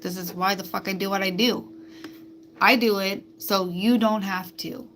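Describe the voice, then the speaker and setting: A woman's voice: mid-range voice, a bit bright. A woman hosting a spiritual live stream, talking bluntly and emphatically with plenty of swearing. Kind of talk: casual live-stream monologue.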